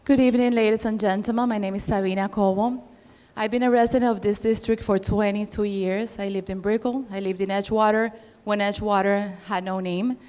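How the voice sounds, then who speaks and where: A middle-aged woman giving an earnest, measured campaign speech as a political candidate. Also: mid-range voice, steady tone, darkish tone. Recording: hall reverb.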